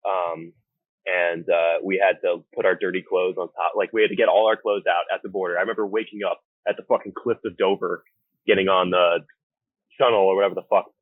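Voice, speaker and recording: A man's voice: low-pitched, little pitch movement, fairly quick, no room sound. A young American man and band vocalist, telling tour stories in a blunt, profane, laid-back way. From United States. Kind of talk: casual interview chat. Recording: phone-like remote call audio.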